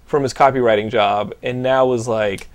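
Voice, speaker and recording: A young man hosting a podcast, telling animated stories in casual chat, swearing freely and restarting his sentences. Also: medium pitch, normal speed, clear, resonant tone. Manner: animated storytelling, heavy swearing, lots of likes and restarts. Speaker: podcast host.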